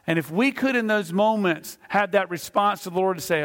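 A pastor preaching a sermon, telling a Bible story conversationally and acting out the voices of its figures. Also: male voice, high voice, moderate pace, gravelly, hardly any pauses, a bit bright. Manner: conversational with fillers. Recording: long hall reverb.

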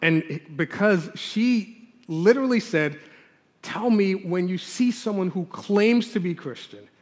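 A male pastor preaching a sermon in a conversational, earnest way, pressing hard on key words. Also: a little high. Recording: long hall reverb.

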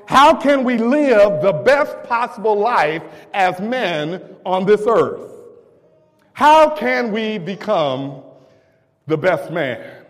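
High-voiced shouting preacher in a hall. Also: male voice, expressive, slow pace. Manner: call-and-response preaching, stammering restarts, rising to shouts. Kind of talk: sermon. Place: church. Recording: long reverb of a church hall.

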